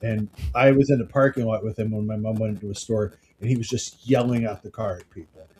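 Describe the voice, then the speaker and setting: A middle-aged man co-hosting a podcast, chatting casually and telling family stories with quick impressions of the people in them. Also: fairly low pitch, steady tone, dark tone, a little hiss or hum, low-quality recording. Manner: storytelling, mimics his father's outbursts. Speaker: podcast co-host. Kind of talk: casual chat.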